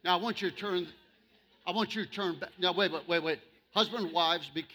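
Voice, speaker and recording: Bright-voiced preacher with sudden loud bursts. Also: male voice, high-pitched, a little hiss or hum. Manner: humorous, with sudden loud bursts and slow emphatic stretches. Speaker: pastor. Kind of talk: sermon.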